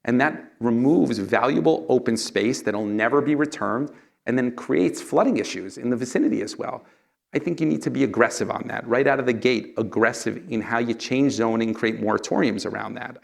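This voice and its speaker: A man's voice: medium pitch, vocal fry. A middle-aged man answering questions as a candidate for governor at a town hall. He talks emphatically, fires rhetorical questions at the crowd and keeps tagging his points with "okay?".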